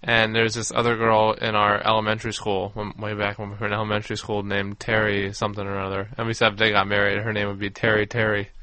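Bright-voiced man trading quips. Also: on the low side, completely flat delivery, quick pace, few pauses, clear, resonant tone, no room sound. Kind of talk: casual comedic chat.

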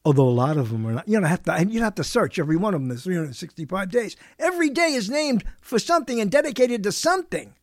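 A man's voice: high voice, sing-song, fast, few pauses, dry recording, studio quality. A man hosting a live talk show, chatting in a rambling, digressive way and often breaking off mid-sentence. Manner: digressive, chatty, self-interrupting. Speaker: radio show host. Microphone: studio microphone.

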